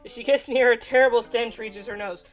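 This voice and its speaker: A woman's voice: fairly high pitch, fairly even intonation, brisk, faint music behind. A woman running a gamebook adventure as game master, reading aloud casually and laughing between lines.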